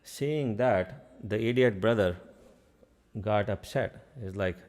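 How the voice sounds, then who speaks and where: A man's voice: fairly low pitch, slow pace, darkish tone, faint music behind. A man telling a parable in a casual way during a spiritual talk. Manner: casual, with frequent fillers. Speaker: spiritual speaker.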